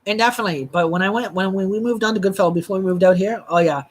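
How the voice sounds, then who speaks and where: Rambling, profane live streamer. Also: medium pitch. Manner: rambling, halting, blunt and profane. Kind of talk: casual live-stream storytelling.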